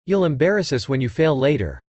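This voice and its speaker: A man's voice: on the high side, very animated, fairly quick, darkish tone, dry recording. A man voicing a smug, taunting young man in an audiobook, speaking with a sneer.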